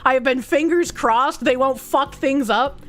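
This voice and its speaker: A woman's voice: sits high, measured pace, a bit bright, soft background music. A woman streamer with a Boston accent, chatting bluntly and casually with her viewers, swearing often and breaking into laughs.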